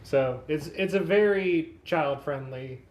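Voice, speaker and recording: A podcast co-host in casual chat, calmly explaining plots in detail. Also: mid-range voice, slow, echoey room.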